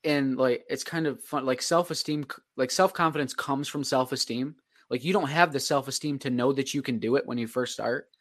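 A man's voice: medium pitch, brisk. A man co-hosting a casual podcast, laid-back and reflective, using easygoing slang. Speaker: podcast co-host, real estate agent.

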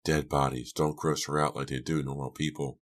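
A man's voice: very deep voice, little pitch movement, moderate pace. A man voicing a frightened, trembling teenage girl, in an audiobook. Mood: scared. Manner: shaky, loud.

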